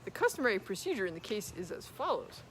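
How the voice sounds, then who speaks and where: A woman's voice: medium pitch, sing-song, fast, a little hiss or hum, lightly acted. A woman voicing a wise old owl who is fond of long words, pompous and long-winded in a storybook reading.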